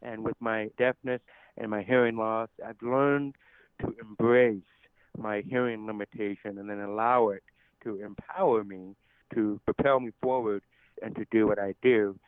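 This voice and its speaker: A man's voice: on the low side, fairly even intonation, moderate pace, clean tone, no echo. An American man with a deaf accent, speaking as a podcast guest in an earnest, effusive, grateful way. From United States. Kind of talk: casual interview talk. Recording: tinny phone-like line, dry.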